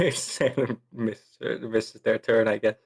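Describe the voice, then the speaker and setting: A man's voice: on the low side, steady tone, takes it slowly, gravelly, husky. A man playing in a tabletop game on a live stream, swearing and laughing in exasperation. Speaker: player.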